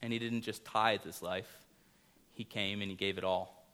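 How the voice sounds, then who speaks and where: A man preaching a sermon as pastor, earnest, rising to loud emphasis and dropping to quiet, intimate lines. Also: on the low side, steady tone, moderate pace, clear, resonant tone.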